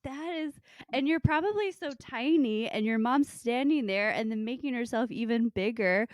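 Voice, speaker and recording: A woman's voice: a little high, expressive, moderate pace, no echo, studio quality. A woman co-hosting a podcast, chatting casually and laughing along while sharing opinions on a TV show. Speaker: podcast co-host. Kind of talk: casual chat about a TV show.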